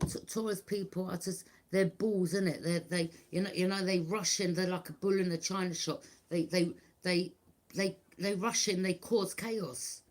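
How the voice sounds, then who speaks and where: A woman's voice: on the low side, slight background noise. A middle-aged woman, talking bluntly and repetitively to her viewers as a tarot reader. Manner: blunt, repetitive, keeps asking "do you understand". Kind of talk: casual monologue to viewers.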